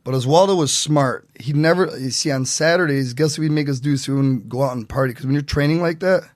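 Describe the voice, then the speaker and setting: A man telling stories as a podcast guest in a casual, animated way, acting out what other people said. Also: medium pitch, fast, no echo, studio quality. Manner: animated, acts out quotes in voices. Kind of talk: casual storytelling.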